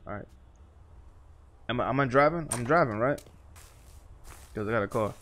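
A man's voice: mid-range voice, normal speed, a bit bright, a little hiss or hum. A man doing let's play commentary, reacting with slangy, profane banter as he plays. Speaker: gaming commentator.

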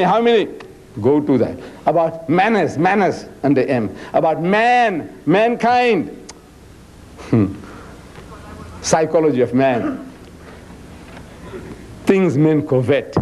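A man with a South African accent giving a religious lecture to a live audience. He acts out dialogues, teases the crowd and recites Arabic scripture quickly between English lines. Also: fairly high pitch, darkish tone. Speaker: Islamic preacher and lecturer.

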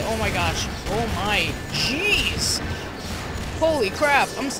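Excitable young gamer with lively pitch. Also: male voice, slow, music in the background. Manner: excitable, laughing, muttering asides. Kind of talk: casual let's-play commentary.

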